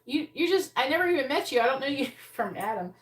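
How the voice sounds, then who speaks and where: A woman's voice: high-pitched, big pitch swings, fast. A woman doing a live tarot reading, talking bluntly and swearing, sounding angry while she talks through the cards. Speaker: tarot reader. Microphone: earbuds. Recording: loud background noise.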